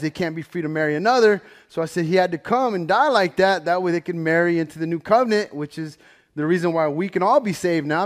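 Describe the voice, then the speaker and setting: Animated, talkative man preaching casually. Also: a little high. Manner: conversational, keeps asking "right?"; animated, swings loud and soft. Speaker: Bible study teacher. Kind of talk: casual sermon storytelling.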